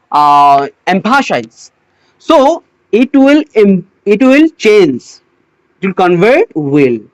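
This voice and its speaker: Grammar teacher going slow, lots of repeats and restarts, pitch jumps around a lot. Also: no room sound. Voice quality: non-native English phrasing. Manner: halting, repeats words and restarts often. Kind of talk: slow explanatory grammar lesson.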